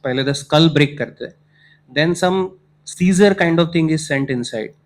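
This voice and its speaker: A man's voice: on the high side, fast. Man telling a sermon story. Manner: storytelling, mixing in Hindi phrases, checks listeners follow. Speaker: preacher.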